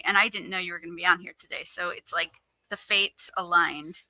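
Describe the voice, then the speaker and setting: A woman from the United States chats playfully in a very bright, sharp voice. The recording is dry and close. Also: on the low side, steady tone, brisk, dry recording, poor audio. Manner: chatty, playful, affectionate. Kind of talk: casual chat.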